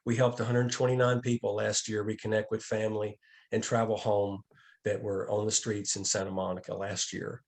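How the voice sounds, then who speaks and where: Over a video call, an outreach director leads a training session, calm in manner but prone to restarting and repeating words. His voice is fairly low in pitch and moves at a normal speed.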